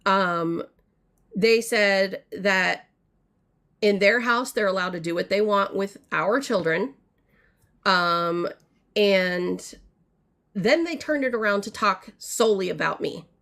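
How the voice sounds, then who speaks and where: A woman's voice: medium pitch, creaky, fairly bright tone. Frustrated mother in her thirties, venting in a casual livestream, rambling with fillers. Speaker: mother telling a family story. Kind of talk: casual storytelling to viewers. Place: home art studio. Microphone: livestream mic.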